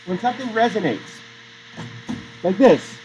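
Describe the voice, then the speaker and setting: A man's voice: sits high, sing-song, unhurried, darkish tone, a little hiss or hum. A male teacher giving a classroom lecture, chatty and digressive, often quizzing the class. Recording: dull lo-fi sound.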